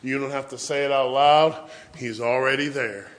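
A middle-aged man preaching a sermon in church, telling a story and swinging from hushed asides to loud emphasis. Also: medium pitch, steady tone, normal speed.

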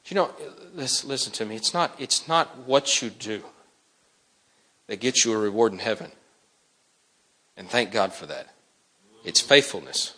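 Animated bright-voiced male preacher. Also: on the low side, measured pace, long pauses. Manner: urgent, repeats "listen to me", acts out dialogue. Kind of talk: impassioned sermon.

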